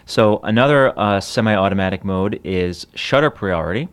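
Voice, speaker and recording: A man's voice: fairly low pitch, animated, moderate pace. A man co-hosting a photography podcast in casual chat, laughing often and joking. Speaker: podcast co-host.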